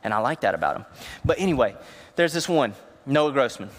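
A pastor preaching a conversational sermon from a church stage. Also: male voice, mid-range voice, lively intonation, brisk. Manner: conversational preaching with Southern phrasing. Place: church auditorium. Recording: long reverb of a large hall.

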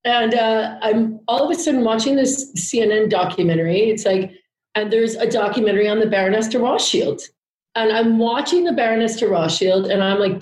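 Woman guest, mid-pitch, candid and rambling with easy swearing, roomy echoey room. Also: a little mellow. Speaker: podcast guest. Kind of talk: casual storytelling chat.

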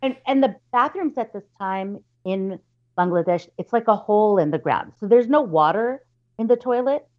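A woman's voice: medium pitch, expressive, moderate pace, dull audio. A woman telling a spooky family story in casual chat, with plenty of fillers and restarts, and acting out her relatives' lines. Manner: chatty, many fillers and restarts, acts out relatives' voices.

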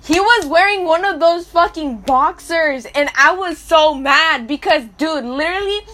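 A young woman hosts a casual storytelling podcast and speaks straight to her listeners. Her voice is high and bright, and her delivery is blunt, crude and full of slang and swearing. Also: a little slow. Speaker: podcast host.

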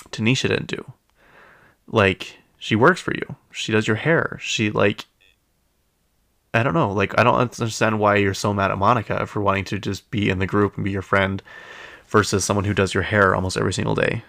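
A man's voice: on the low side, fairly even intonation, normal speed, gravelly, long pauses, fairly bright tone, no room sound. A young man hosting a casual, gossipy podcast chat, talking loosely with lots of fillers. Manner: chatty, gossipy, many fillers. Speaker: podcast host. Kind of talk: casual chat recapping reality TV.

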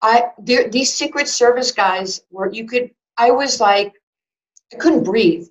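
A woman's voice: on the high side, measured pace. Woman in her sixties telling a story. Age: 60s. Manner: animated, acts out both sides of conversations, frequent restarts. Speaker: former basketball player and sports broadcaster. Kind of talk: personal storytelling in an interview. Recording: slightly dull lo-fi audio.

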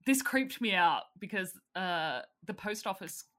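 A woman casually recapping a film plot in lively storytelling, with fillers and the odd swear. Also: medium pitch, a little slow. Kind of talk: casual chat.

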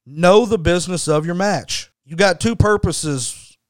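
A man with a fairly high, smooth voice tells a story for his podcast. He talks bluntly and hammers his points home with repetition and swearing. The sound is close and dry. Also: measured pace, no echo. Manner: emphatic, blunt, swears freely. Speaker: podcast host. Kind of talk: storytelling commentary.

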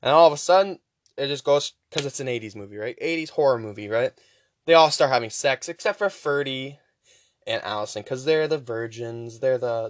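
A young man hosting a podcast, casually rambling through a movie recap with profanity and quick voice impressions. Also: medium pitch, no room sound, clean studio sound. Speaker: podcast host.

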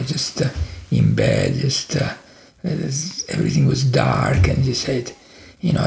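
A man telling a story in an animated, halting way. His voice is strongly gravelly and swings widely in pitch, and it is recorded in an echoey room. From Italy. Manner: animated, with many restarts and fillers. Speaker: podcast guest.

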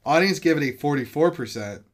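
A man's voice: on the high side, animated, a little fast. A man hosting a podcast, chatting casually and stumbling over names as he reads out film credits. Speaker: podcast host. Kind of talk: casual chat.

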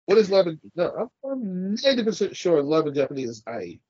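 A man's voice: sits high, very animated, a little fast, darkish tone, slightly rough, dry recording, muffled recording. A man co-hosting a casual podcast, ranting and swearing as he argues his point. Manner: profane, ranting, argumentative. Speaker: podcast co-host.

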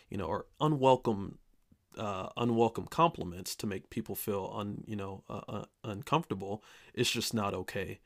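A man with a fairly low voice casually recounts something that happened to him. He acts out the back-and-forth of the conversation in his own voice, earnestly, and wanders through restarts with the odd dry laugh. It sounds loose and unscripted, like storytelling. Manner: rambling with frequent restarts and wry laughs. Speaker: storyteller recounting a personal experience.

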